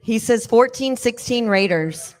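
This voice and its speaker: A woman's voice: a little high, animated, measured pace. A woman hosting a live talk show from a bar, running through names and thanks in an upbeat way. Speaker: show host.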